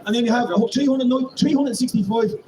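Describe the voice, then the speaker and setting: High-voiced, fast Irish man at a rally. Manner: profane, rousing, rising to shouts. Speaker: protest speaker. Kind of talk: impassioned street speech. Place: outdoor street protest. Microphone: public microphone and PA. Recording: echoey, distant from the mic, loud crowd. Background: crowd.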